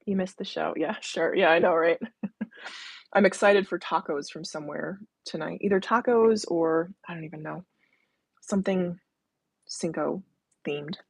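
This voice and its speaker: Chatty woman with a gravelly, husky voice. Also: lowish voice, unhurried, pauses often, no echo. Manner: chatty, laughs often, reads viewer comments aloud. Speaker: live stream host. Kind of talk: casual live stream chat reading comments.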